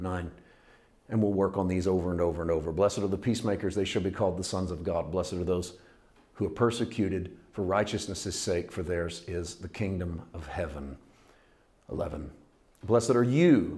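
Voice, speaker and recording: A man preaching a sermon in a conversational, folksy way, building to loud, fervent passages. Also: deep voice. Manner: folksy, plain-spoken phrasing. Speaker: pastor.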